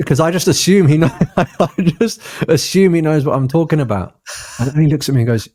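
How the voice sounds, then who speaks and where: A man co-hosting a podcast, telling stories in an animated way and laughing often. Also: a little high, normal speed, pauses often, dry recording, studio quality. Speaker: podcast co-host. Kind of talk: casual storytelling chat.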